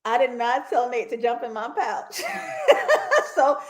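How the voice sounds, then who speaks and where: A woman hosting a casual livestream TV review, animated and laughing often as she talks to her viewers. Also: on the high side, moderate pace. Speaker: TV review host.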